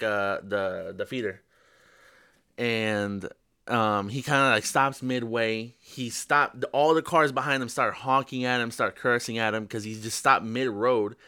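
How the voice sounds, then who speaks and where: Bright-voiced young man telling a wild story. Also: clear, resonant tone. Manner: animated storytelling, jumps pitch for quoted voices, swears freely. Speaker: podcast co-host. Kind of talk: casual storytelling chat.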